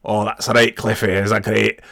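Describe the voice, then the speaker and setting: A man doing a jolly old uncle, slow and chuckly, low voice, swears like it's a term of endearment, dead dry sound. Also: level tone, vocal fry, a bit bright, no echo. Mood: jovial. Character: jovial Scottish uncle, older man.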